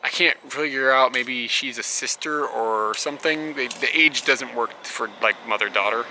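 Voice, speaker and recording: A man's voice: medium pitch, moderate pace, bright, forceful tone, a little hiss or hum, rough recording. A young man talking casually to camera in a small guest house bedroom, rambling and bemused, laughing often and swearing now and then. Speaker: travel vlogger. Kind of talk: casual vlog talk to camera.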